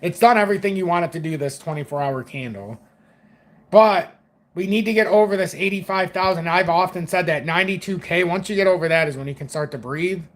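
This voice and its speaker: A man's voice: high voice, brisk. A young man giving loose, rambling, profane crypto market commentary on his own stream.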